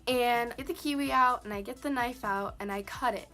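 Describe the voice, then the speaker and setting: A woman's voice: on the high side, fairly quick, pushed and bright, soft background music. Chatty young woman telling a story. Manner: chatty, lots of "like" and "um". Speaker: vlogger. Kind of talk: casual storytime.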